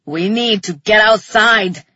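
Woman doing a protective young male soldier, shouted urgent commands, lowered breathy voice, dry lo-fi sound. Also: normal speed, dry recording. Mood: shouting. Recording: dull lo-fi recording.

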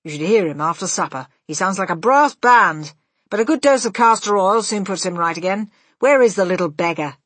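A woman voicing a loud, blustering, pompous middle-aged man. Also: medium pitch, expressive, fairly quick, no room sound, lightly acted.

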